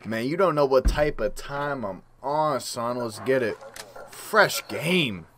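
A man's voice: medium pitch, measured pace, slight background noise. A man giving casual gameplay commentary, trash-talking with lots of slang. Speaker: gaming YouTuber. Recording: game gunfire loud in background.

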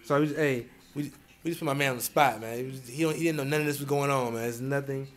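A man's voice: mid-range voice, steady tone. A man hosting a casual studio interview, firing off teasing questions. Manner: rapid-fire, teasing questions. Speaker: interview host.

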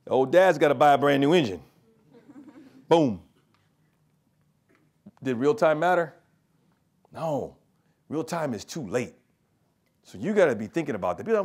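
A middle-aged man gives a lively business talk to students, mixing personal stories with rhetorical questions to the audience. His delivery is animated and conversational, like a seasoned consultant on stage. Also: fairly high pitch, normal speed, long pauses. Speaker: keynote speaker and consultant. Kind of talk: storytelling business presentation to students.

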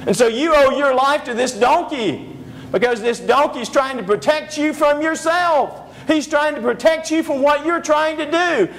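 A man's voice: very high voice, pitched above the performer's own voice, low-quality recording. A man doing a stern, scolding angel. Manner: scolding, emphatic. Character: stern sword-drawn male angel.

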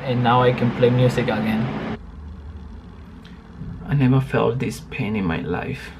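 Slow, halting man vlogging at home. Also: mid-range voice, slight background noise. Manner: slow, halting and repetitive, swears often. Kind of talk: casual vlog monologue. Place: home bedroom.

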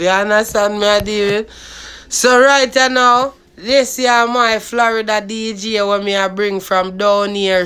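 A man's voice: high-pitched, sharp tone, smooth. A man with a Jamaican accent rambling and swearing in patois as he promotes his own party. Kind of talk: rambling vlog monologue.

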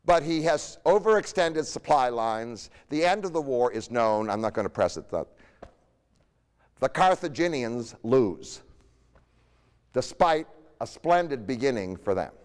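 A man's voice: medium pitch, very animated, measured pace, darkish tone, clear, resonant tone, long reverb tail. A man giving a history lecture in a conversational way, often tossing rhetorical questions to his audience.

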